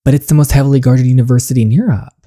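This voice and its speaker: A woman voicing a frustrated, sharp-tongued teenage princess in a story game, reading the lines plainly. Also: rumbling low, very fast, no room sound, studio quality. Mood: defiant. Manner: reads the lines plainly while playing.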